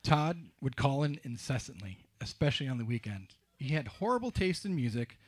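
A middle-aged man telling a wry, self-mocking personal story on stage, with halting restarts. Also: mid-range voice, very animated. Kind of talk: live storytelling.

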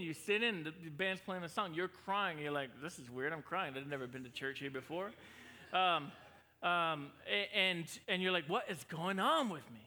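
A man's voice: on the high side, pushed and bright. A male pastor giving a casual, joking sermon full of restarts. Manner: conversational, jokey, with many restarts.

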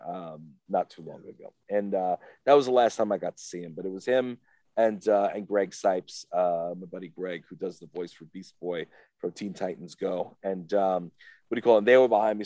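Male interview guest, low voice, dry sound; loose rambling storyteller who acts out the voices of others. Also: warm tone, no room sound. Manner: rambling, repeats "what do you call it?" and acts out quoted voices. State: emotional, close to tears. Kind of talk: casual storytelling.

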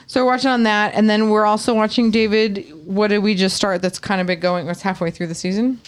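A woman co-hosting a casual podcast chat about TV shows, chatty and quick to laugh. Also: medium pitch, flat delivery, clean tone. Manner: chatty, laughs easily, repeats words playfully. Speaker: podcast co-host.

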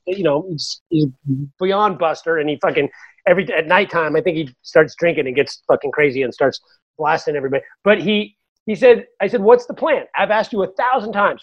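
Profane jokey podcast co-host, muffled. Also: medium pitch. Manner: profane, animated, jokey, breaks into mock voices and laughter. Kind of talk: casual political chat.

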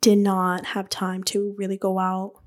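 A woman's voice: mid-range voice, unhurried. Chatty woman telling her own story. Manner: chatty and animated, many "like" fillers, laughs; frank, swears casually. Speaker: podcast host and beauty business owner. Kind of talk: casual storytelling podcast.

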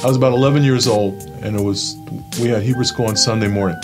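A man's voice: fairly low pitch, fairly even intonation, quick pace, music in the background. New man telling his story. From Brooklyn, New York. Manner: storytelling, acts out quoted voices. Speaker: guest giving a testimony. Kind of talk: personal testimony.

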